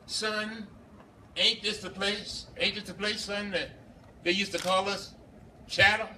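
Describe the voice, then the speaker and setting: A man's voice: high-pitched, steady tone, unhurried, sharp tone, pitched above the performer's own voice, full character voice. A man voicing his aging father, earnest and pleading with a repetitive cadence, recorded from a distance with background noise. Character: aging father, emotional, plain-spoken.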